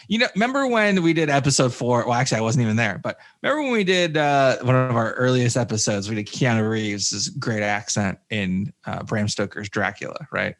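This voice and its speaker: A man's voice: medium pitch, animated, a little fast, hardly any pauses, a bit bright. A man co-hosting a casual movie review podcast, rambling with many fillers and restarts, with jokey asides. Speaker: podcast co-host.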